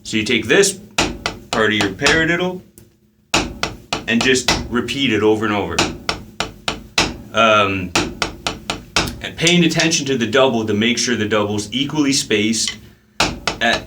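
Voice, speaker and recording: A man's voice: medium pitch, expressive, moderate pace, pauses often, heavy background noise. Casual male drum teacher counting beats. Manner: counts beats aloud while playing, casual with fillers. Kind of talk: relaxed instructional talk.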